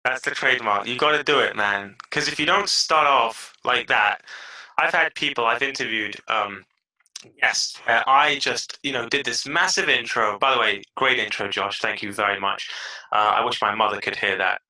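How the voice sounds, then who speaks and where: A man in his thirties with a British accent, a podcast guest telling stories in an energetic, animated way. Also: mid-range voice, normal speed, poor audio. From England (London). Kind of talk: casual interview chat.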